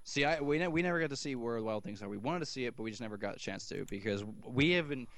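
A man's voice: mid-range voice, animated, very fast, fairly bright tone, no echo. A man co-hosting a podcast in casual chat, rambling and swearing, with many restarts. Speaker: podcast co-host.

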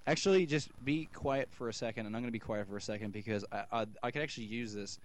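A man's voice: medium pitch, fast talker. A man co-hosting a podcast in casual chat, rambling and swearing, with many restarts. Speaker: podcast co-host.

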